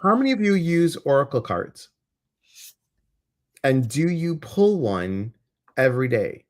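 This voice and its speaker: A man's voice: medium pitch, big pitch swings, unhurried. Chatty male livestream coach. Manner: warm, chatty, addresses viewers directly. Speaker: intuitive coach and stream host. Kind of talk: livestream chat reading viewer comments.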